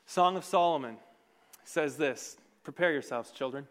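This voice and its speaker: A man preaching a sermon in a church, earnest and conversational, with sudden swings between loud and soft. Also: a little high, unhurried. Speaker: pastor. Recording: long reverb of a large hall.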